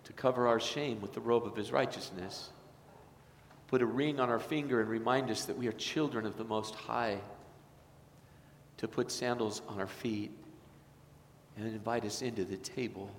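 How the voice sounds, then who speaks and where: A man's voice: mid-range voice, steady tone, moderate pace, pauses often. A man preaching a sermon as a pastor, in an earnest, tender way. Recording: echoey church hall, faint noise.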